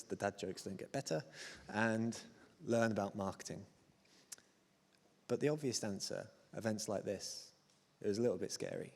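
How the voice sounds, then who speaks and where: A man's voice: lowish voice, darkish tone. A British man in his thirties giving a self-deprecating, chatty conference talk with plenty of fillers and restarts. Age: 30s. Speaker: conference speaker. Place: large conference hall on stage. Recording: hall reverb from a stage mic.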